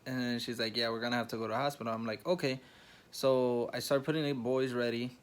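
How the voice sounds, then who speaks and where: A young man telling a story to his vlog audience, talking low and hushed in a hospital room. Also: flat delivery, fast talker, smooth. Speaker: vlogger.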